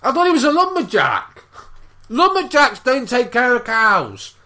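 A man co-hosting a comedy podcast, joking and interrupting with quick quips in animated banter. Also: very high-pitched, crowd noise. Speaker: podcast co-host.

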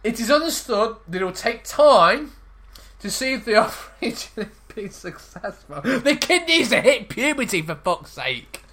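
A man's voice: very high-pitched, very animated, normal speed, fairly bright tone, slight background noise. A man co-hosting a casual comedic podcast, reading odd news stories aloud and laughing through them.

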